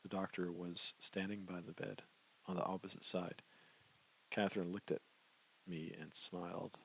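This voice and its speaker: एक आदमी उपन्यास को पहले पुरुष में धीमे, गंभीर अंदाज़ में पढ़कर सुना रहा है।. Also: male voice, low voice, level tone, moderate pace, vocal fry, fairly bright tone, a little hiss or hum, low-quality recording. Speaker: audiobook narrator. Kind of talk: first-person novel narration.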